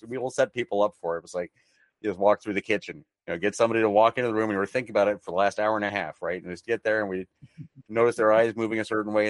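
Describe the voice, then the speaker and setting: A man's voice: on the low side, no room sound. A man co-hosting a casual podcast chat, laughing often and stumbling through fillers. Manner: laughing, halting speech with many fillers. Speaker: podcast co-host.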